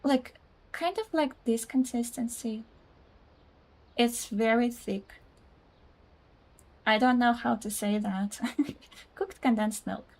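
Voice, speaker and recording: A woman's voice: on the high side, slow pace, pauses often. A young woman streaming a life simulation game, chatting casually with viewers, searching for words and laughing at herself. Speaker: gaming streamer. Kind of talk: casual chat with live chat.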